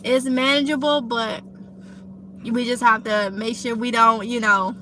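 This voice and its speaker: Bright-voiced Mississippi woman, chatty. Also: fairly high pitch, fairly even intonation, measured pace, a little hiss or hum. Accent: Mississippi Southern US. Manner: chatty, affectionate, calls viewers honey. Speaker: vlogger hosting a live Q&A. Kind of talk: casual live-stream chat reading comments.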